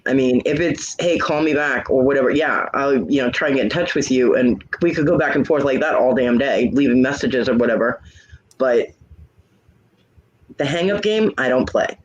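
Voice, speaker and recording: A man's voice: mid-range voice, moderate pace, lo-fi sound. A man telling a story in casual chat, frank and blunt, acting out both sides of the arguments he describes. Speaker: hangout host.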